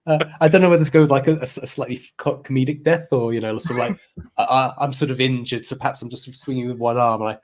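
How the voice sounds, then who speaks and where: A man's voice: mid-range voice, steady tone, fast talker. A man playing a tabletop game, thinking aloud with hesitant restarts. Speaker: player. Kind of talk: casual play at a tabletop game.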